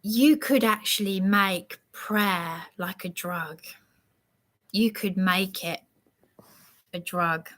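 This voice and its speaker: A woman rambling through a live monologue, preaching and sounding aggrieved as she answers a commenter in a slow, halting way. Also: mid-range voice, fairly bright tone.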